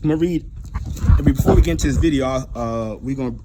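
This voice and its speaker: A man's voice: mid-range voice, fast, very noisy. An American man giving a heated, preachy commentary rant, angry, profane and repetitive. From United States. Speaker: ministry commentator.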